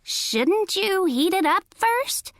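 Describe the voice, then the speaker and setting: Woman doing a squeaky, sly storybook coyote. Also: big pitch swings, slow, dry recording, exaggerated voice. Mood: fake-sweet. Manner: squeaky put-on granny voice. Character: mean greedy male coyote, sly and hungry. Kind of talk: storybook read-aloud.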